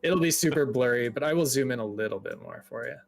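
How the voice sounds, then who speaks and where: A man narrating a tabletop game as game master, relaxed and descriptive. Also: medium pitch, fast, gravelly. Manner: relaxed, laughs often, descriptive.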